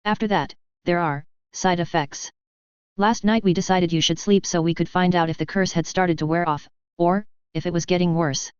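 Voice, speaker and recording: A woman's voice: on the low side, steady tone, normal speed, smooth, dry recording, natural voice. A woman reading fan fiction aloud, voicing an exhausted, sardonic young male wizard with a clipped, dry drawl, on a dull lo-fi recording. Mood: dry, prickly.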